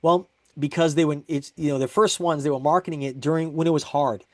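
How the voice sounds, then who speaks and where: A man's voice: fairly high pitch, steady tone, a little fast, no room sound. A man giving a recorded sales presentation, upbeat and explaining step by step.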